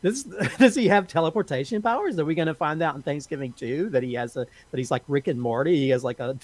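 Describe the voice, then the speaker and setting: On a podcast panel, a man with a slightly high voice casually reviews a horror film. He speaks haltingly, restarting often and laughing a lot, in a dry recording.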